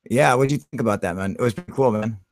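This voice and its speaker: A man's voice: medium pitch, fast, no room sound. Man, live-stream host; casual, swearing, narrates his screen work; dry sound. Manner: loose, heavily profane, narrates his computer actions aloud.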